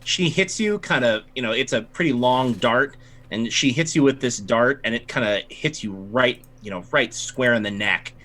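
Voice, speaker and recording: A man running a tabletop game as game master, narrating the action and slipping into quick voices for the crowd. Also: mid-range voice. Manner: animated, acts out crowd voices. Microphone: home mic on a livestream.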